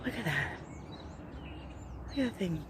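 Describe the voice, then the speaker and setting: A woman's voice: lowish voice, lively intonation, measured pace, a little hiss or hum. A woman filming on her phone outdoors at home, casually scolding and trash-talking a stray bird. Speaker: vlogger. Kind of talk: casual phone-video commentary.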